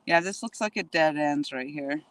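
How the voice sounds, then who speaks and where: A woman's voice: deep voice, normal speed, a little hiss or hum, low-quality recording. Bubbly woman livestreaming from a kayak. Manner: bubbly, chatty, talks to viewers in the chat. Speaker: livestream host. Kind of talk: casual live-stream chat. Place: outdoors, kayaking on a lake. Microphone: phone on a selfie stick.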